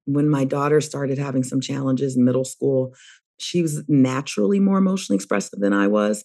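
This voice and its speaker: A woman's voice: low-pitched, darkish tone. A middle-aged woman therapist, a guest on a podcast interview, talking in a reflective, emphatic way.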